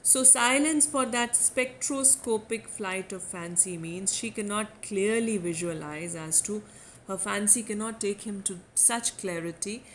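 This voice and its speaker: Indian English woman, literature lecturer, mid-pitched, explaining a poem, faint hiss behind. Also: unhurried, fairly bright tone, poor audio. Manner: reads quoted lines with emphasis, then paraphrases.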